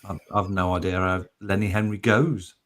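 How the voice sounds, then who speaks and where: A man's voice: low voice, fairly even intonation, moderate pace, fairly bright tone, slight background noise. A man with a northwest English accent, chiming in drily on a casual live-stream chat.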